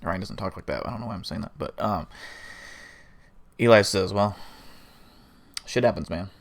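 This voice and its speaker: A man's voice: deep voice, brisk, vocal fry. A man hosting a livestream, telling an improvised story in a casual, rambling way with fillers and swearing. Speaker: livestream host.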